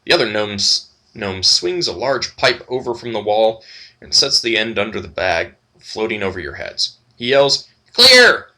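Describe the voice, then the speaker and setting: A man narrates a retro computer game, reading its text aloud and breaking off for wry, joking asides. His voice is husky yet very bright, and his pitch swings up and down in a lively way. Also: moderate pace. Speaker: let's play host.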